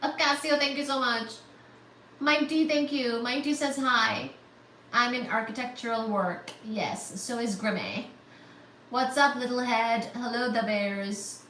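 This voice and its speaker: A woman hosting a casual livestream chat, gushing and excitable as she thanks viewers by name for donations. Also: fairly high pitch, unhurried. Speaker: livestream host. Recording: echoey room, mic at a distance, faint static.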